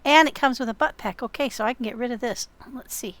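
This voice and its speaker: A woman hosts a survival game video, talking quickly in a fairly high, slightly bright voice in a dry recording. She chats with another player and speaks to her viewers in a friendly way with many fillers.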